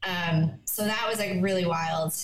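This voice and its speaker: A young woman from Newfoundland, Canada, guest on an interview podcast, telling her story in a lively, chatty way with quick asides. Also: fairly low pitch, a crowd in the background. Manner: animated, laughing, quick asides. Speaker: guest, country singer-songwriter. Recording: echoey room, faint noise.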